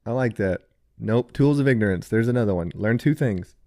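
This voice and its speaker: A man with a fairly low voice co-hosting a casual podcast. The sound is dry and close, with no room around it, and he talks in an easygoing way as he lays out questions. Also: lively intonation, moderate pace, darkish tone, dry recording. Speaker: podcast co-host. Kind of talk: casual chat.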